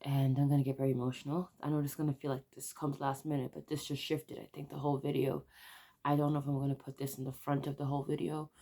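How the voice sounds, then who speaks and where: A young woman in her twenties confides to camera in a low, gravelly voice with a mellow, darkish tone. She is close to tears, and her confession comes out halting and soft. The delivery is a raw vlog confessional. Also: flat delivery. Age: 20s. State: on the verge of tears. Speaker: vlogger.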